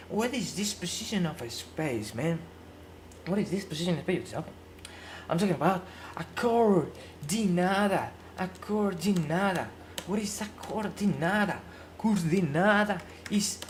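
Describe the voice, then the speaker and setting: A woman with a fairly low voice talks on a live stream in non-native English, her first language Spanish. She repeats phrases as she hunts for words. She plays both sides of an imagined argument, tossing questions back at herself. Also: a little mellow, a little hiss or hum. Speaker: livestreamer. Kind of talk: rambling live-stream monologue.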